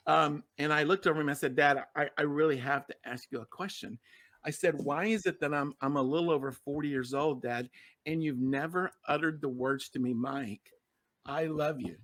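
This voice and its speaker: A middle-aged man with a fairly high voice, speaking as a guest on a podcast. He tells a personal story in an earnest, emotional way. He often doubles back and repeats his words for emphasis. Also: fairly even intonation, fairly quick, fairly bright tone. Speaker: guest, success coach.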